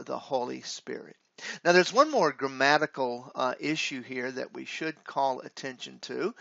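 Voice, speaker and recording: Man, grammar lecture, slow halting delivery, gravelly voice, dull dry recording. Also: medium pitch, pushed and bright, dry recording. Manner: halting, many "uh" fillers, deliberate. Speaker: Greek professor.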